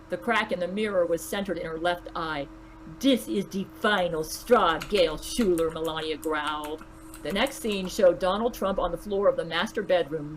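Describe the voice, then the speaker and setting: A woman reading a story aloud in an even but dramatic narrating voice. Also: lowish voice, a little hiss or hum, low-quality recording.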